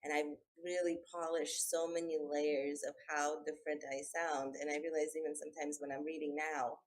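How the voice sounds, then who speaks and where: A woman hosting a podcast interview, talking in an animated, self-interrupting way and laughing often. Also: deep voice, moderate pace, low-quality recording. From immigrant, schooled in English by her father. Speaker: podcast host. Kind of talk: casual interview chat.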